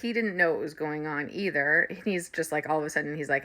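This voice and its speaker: A middle-aged woman, a spiritual reader and coach, casually telling her viewers a story, animated and laughing often. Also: on the low side, fairly quick.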